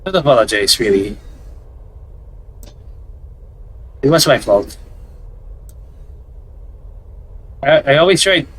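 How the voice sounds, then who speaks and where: A man's voice: medium pitch, a bit bright, a little hiss or hum, lightly acted. A man reading the lines of a reserved young catgirl woman who is guarded about her past, in his own plain voice. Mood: apologetic. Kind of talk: reading visual novel dialogue aloud.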